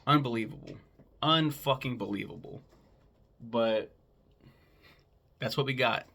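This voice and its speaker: A man's voice: medium pitch, gravelly, pushed and bright. A young man giving a casual, rambling film review, with lots of swearing and ums. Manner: rambling and profane, with frequent ums.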